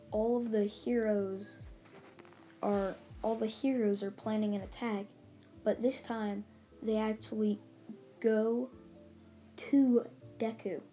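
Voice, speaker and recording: Woman rambling through a story, flat voice. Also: medium pitch, takes it slowly, long pauses. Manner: rambling, run-on "and then he's like" storytelling. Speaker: channel host retelling a fan story. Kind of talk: casual spoken retelling. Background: faint background music.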